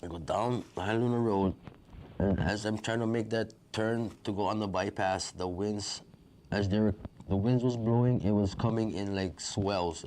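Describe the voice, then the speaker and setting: A middle-aged man, his voice sitting on the low side. He recounts his story as a vivid present-tense retelling and acts out the dialogue. A faint noise sits under his voice. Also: a little mellow. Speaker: wildfire survivor. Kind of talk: personal storytelling.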